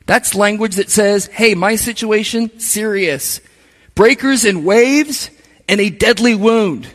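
A man's voice: high-pitched, takes it slowly, a bit bright, long reverb tail. A man preaching a sermon, speaking conversationally and making asides to the congregation. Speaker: pastor.

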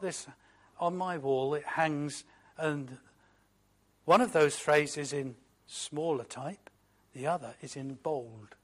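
A man delivers a sermon in a fairly high voice, taking his time over each phrase. He swings between ringing declarations and quiet, reflective asides, and slips into hymn lines as he goes. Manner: slow, emphatic preaching with swings between loud declarations and hushed asides. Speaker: preacher.

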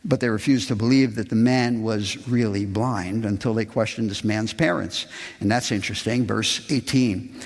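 A man's voice: fairly even intonation, normal speed, in a large hall. A man preaching a sermon, reading scripture aloud and calling his listeners "folks". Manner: reads scripture aloud, voicing the quoted people with raised pitch; addresses the congregation as "folks". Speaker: pastor.

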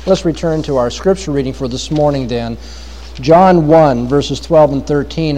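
A man with a high voice preaches a sermon to his congregation. He reads scripture and drives his points home with rising emphasis. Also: dark tone, rough recording. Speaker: pastor.

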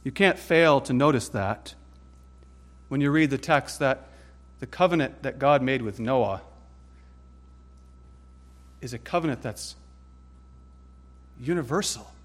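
A man preaching a sermon, deliberate and emphatic, building stress through lists of scripture. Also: medium pitch.

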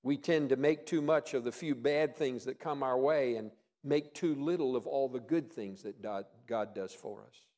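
A man preaching a sermon, folksy and emphatic, rising to strong emphasis and dropping low for effect. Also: moderate pace, hardly any pauses, a little mellow. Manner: emphatic, rises and drops in volume for effect; folksy humor. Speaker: pastor.

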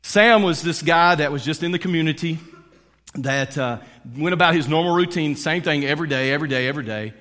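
A man preaching in a relaxed, conversational way, telling a story with frequent "uh"s and "and, um"s. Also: fairly high pitch, a little fast, long reverb tail. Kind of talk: storytelling sermon.

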